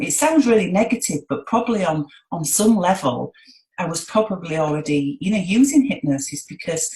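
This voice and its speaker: Low-voiced chatty British woman. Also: reverberant, rough recording. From England. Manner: chatty, down-to-earth, many "you know" fillers. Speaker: hypnotherapist guest. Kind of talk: interview conversation.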